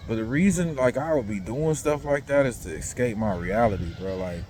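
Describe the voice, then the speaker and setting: A man's voice: medium pitch, expressive, fairly quick, darkish tone, a little hiss or hum. A man casually recounting a dream in a rambling, slang-heavy monologue full of fillers.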